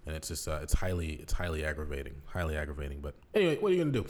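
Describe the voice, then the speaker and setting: A man's voice: rumbling low, racing, few pauses. A man in his late thirties co-hosting a podcast, chatting in a casual, joking way. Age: late 30s. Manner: animated, jokey, breaks into laughter and mock accents. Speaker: podcast co-host. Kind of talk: casual comedic chat.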